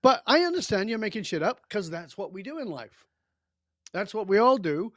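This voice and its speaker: A man's voice: high-pitched, very animated, normal speed, no room sound, studio quality. A man speaking as a podcast guest in a blunt, emphatic way, with casual swearing. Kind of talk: podcast interview.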